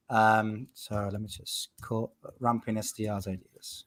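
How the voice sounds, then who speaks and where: A man's voice: mid-range voice, sing-song, brisk, hardly any pauses, a bit bright. A man with an Italian accent who cold-calls on a live comedy show, bantering casually, laughing often and stammering over repeated words. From Italy.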